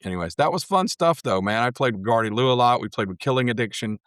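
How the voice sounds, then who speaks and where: A man's voice: mid-range voice, fast talker, no echo, studio quality. Profane man telling stories. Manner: profane, animated storyteller. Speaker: podcast guest, metal museum organizer. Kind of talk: casual chat.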